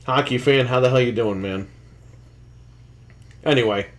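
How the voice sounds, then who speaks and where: A man co-hosting a casual podcast, ranting loudly with heavy swearing. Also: mid-range voice, unhurried. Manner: profane, loud, ranting. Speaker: podcast co-host.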